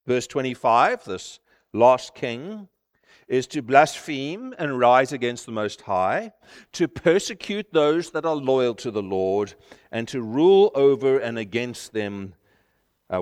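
A man preaching a sermon at a middle pitch, his emphatic delivery climbing into forceful, ringing declarations. His voice carries a long reverb from the church hall around him.

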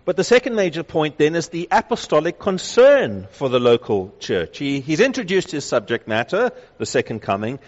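A man preaching a sermon, reading scripture aloud and slowing down to stress key phrases with emphasis. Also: fairly high pitch, sing-song. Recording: dull lo-fi sound with long hall reverb.

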